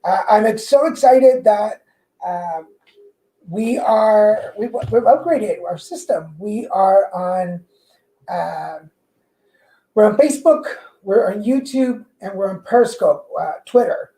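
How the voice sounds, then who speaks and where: A woman with a slight Mexican accent, hosting a livestream tarot show and chatting casually and excitedly to viewers, often restarting her sentences. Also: medium pitch, takes it slowly, rough recording. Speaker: livestream tarot reader host. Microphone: corded mic.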